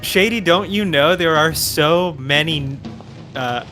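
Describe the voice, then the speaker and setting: A man's voice: on the high side, sharp tone, soft background music. A man chatting and joking casually while playing a co-op puzzle game with a friend. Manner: joking, chatty, quick laughs. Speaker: co-op game player. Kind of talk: casual gaming chat.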